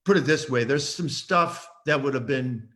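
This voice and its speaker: A man in his sixties, appearing as a guest saxophonist, tells stories in an interview and acts out the voices of the people in them. His voice sits in the mid range with a fairly bright tone, and he speaks at a normal speed.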